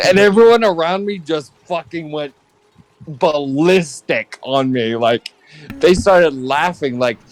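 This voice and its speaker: A man's voice: fairly high pitch, slow pace, long pauses, rough recording. A man telling casual stories in voice chat with a dry, sarcastic manner. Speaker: friend in voice chat. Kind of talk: casual storytelling.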